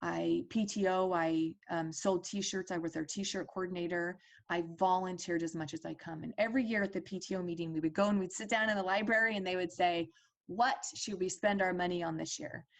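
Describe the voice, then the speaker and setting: A woman's voice: on the low side, steady tone, fairly quick, creaky. Earnest woman telling a personal story. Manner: earnest, conversational, with many fillers and restarts. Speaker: parent advocate speaker.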